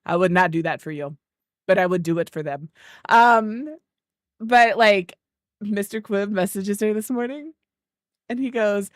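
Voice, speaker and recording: A woman streamer talks casually and rambles through stories, greeting chat by name mid-sentence. Her voice sits at an ordinary middle pitch and sounds dry and close, with no room around it. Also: a little slow, pauses often, no room sound. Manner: rambling, chatty storytelling. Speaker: game streamer.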